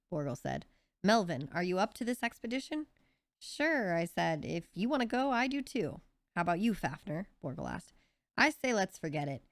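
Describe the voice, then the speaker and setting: A woman's voice: on the low side, no echo. A woman reading a children's novel aloud, giving each character a slightly different voice. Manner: lively, with small voice shifts for each character. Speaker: reader.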